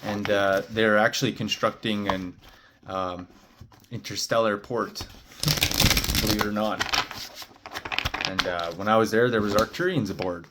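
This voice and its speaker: A man's voice: fairly low pitch, steady tone, unhurried, long pauses, noisy background. A man, a spiritual card reader, telling a meandering story in casual talk, full of "uh" and "like". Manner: meandering, heavy on "uh" and "like" fillers.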